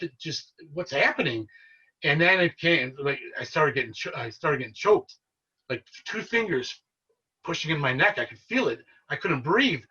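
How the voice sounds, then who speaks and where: A man with a bright, edgy and somewhat husky voice tells a story in an earnest, excitable way. He sounds set back from the microphone, and the recording is dull and lo-fi. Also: fairly high pitch, far from the mic. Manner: earnest, excitable storyteller who relives events. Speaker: paranormal investigator guest. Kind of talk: casual storytelling interview.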